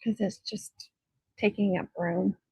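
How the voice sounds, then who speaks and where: A woman's voice: medium pitch, fairly even intonation, takes it slowly, mellow, husky, no room sound, poor audio. A woman hosting a casual craft livestream, rambling chattily and breaking off to talk to her dog.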